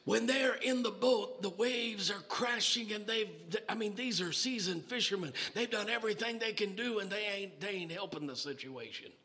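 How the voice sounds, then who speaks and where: A man preaching a sermon, building to shouted exclamations with many "uh" and "amen" fillers. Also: high voice, normal speed, few pauses.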